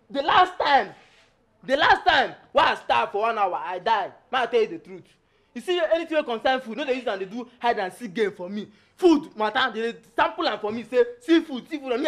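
A lovestruck greedy houseboy in Pidgin. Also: male voice, extremely high pitch. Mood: indignant. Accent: Nigerian Pidgin. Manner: rambling, theatrical pleading, repeats himself. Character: comic young male houseboy, greedy and lovestruck. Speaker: actor playing a lovestruck, food-obsessed houseman named Friday. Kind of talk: Nollywood film acting.

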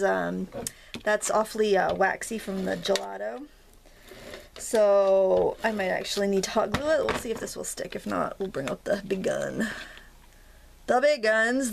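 A woman's voice: mid-range voice, creaky. A woman from Maine with a Maine accent, hosting a casual craft tutorial in a chatty, jokey, self-deprecating way.

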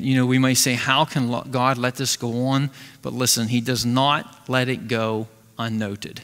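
A man leads a Bible study, and his voice is bright and forward. He tells the stories in a chatty, animated way. The sound rings with the long reverb of a large hall. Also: medium pitch. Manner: conversational, animated retelling of scripture. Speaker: Bible teacher. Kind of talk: casual Bible study teaching. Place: church assembly hall.

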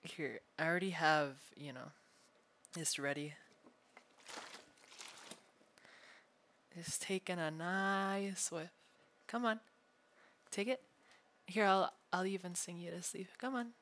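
A clingy, obsessive young yandere femboy, voiced by a man in a whispered role-play. The tone is bright and airy, gentle one moment and quietly threatening the next. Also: high-pitched, a little slow, full character voice. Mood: annoyed sweet. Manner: soft, unsettling, swings between sweet and threatening.

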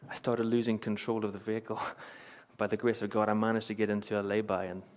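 Speaking a little quickly in a lowish, level voice, this young Northern Irish preacher delivers a church sermon. He tells personal stories, repeating points earnestly and emphatically, and chuckles lightly.

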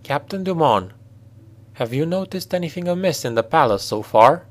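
A man reading a storybook voices a grave, secretive male necromancer who speaks in a measured, cryptic way. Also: on the high side, lively intonation, voice pushed up, lightly acted. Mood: probing.

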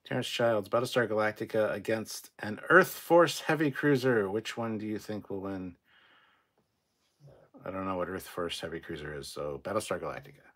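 Husky-voiced man ranting on a livestream. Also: lowish voice. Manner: irreverent, profane, sarcastic rants. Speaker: livestream host answering viewer chat. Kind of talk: casual livestream chat.

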